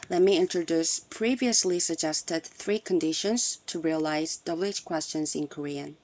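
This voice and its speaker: A woman delivers a prepared academic talk at a conference. Her voice sits fairly low and sounds soft and mellow, and she reads in a measured, explanatory way. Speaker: conference presenter. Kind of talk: scripted academic presentation.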